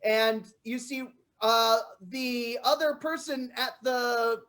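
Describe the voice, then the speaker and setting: A young woman plays an excitable woman at the dog park, fussing over her own dog. Her voice sits high, and she keeps breaking into sudden shouts in this improv comedy scene. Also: slow pace. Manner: animated, bursts into shouting.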